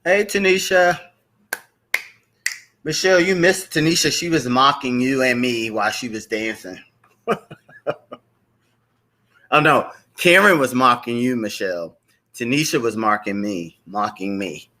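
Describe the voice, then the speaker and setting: A man's voice: medium pitch, animated, a little slow, long pauses, bright, forceful tone. Chatty man hosting a live stream. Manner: chatty, greets viewers by name, repeats himself. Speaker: host of a live stream show. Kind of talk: casual live stream chat.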